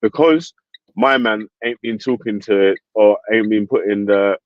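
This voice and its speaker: Relaxed man, dry sound. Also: on the low side, measured pace, no room sound, dull audio. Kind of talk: casual group chat.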